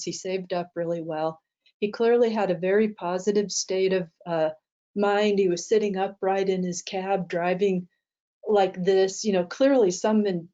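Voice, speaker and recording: A woman's voice: on the low side, dark tone, dull audio. A woman teaching a mindset talk, telling an anecdote with many fillers and restarts. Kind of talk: storytelling talk to an audience.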